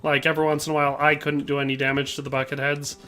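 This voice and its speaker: Rapid-fire and completely flat, this man's fairly high, pushed, bright voice carries a casual game livestream. Between plays he reads viewer comments and answers them with joking asides.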